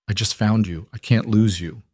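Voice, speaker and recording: A man's voice: on the low side, normal speed, a little mellow, dry recording, close to an everyday voice. A man reading a storybook aloud, voicing a stern, protective king who speaks in a hard, commanding way. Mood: fearful, tender.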